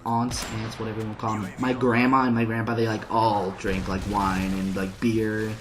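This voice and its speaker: A man's voice: fairly low pitch, level tone, moderate pace, faint music behind. Rambling man telling a story over gameplay. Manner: rambling, filler-heavy with constant "like"; laughs at his own story. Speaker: gameplay commentator.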